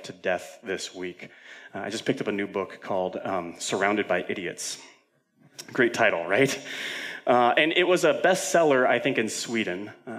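A man's voice: lowish voice, a bit bright. A male senior pastor preaching a sermon in a conversational way, with frequent fillers and self-corrections.

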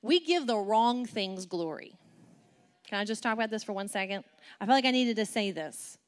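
A woman preaching a sermon to an audience in a lively, playful way, asking them many questions and acting out quotes with big jumps in pitch and volume. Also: moderate pace.

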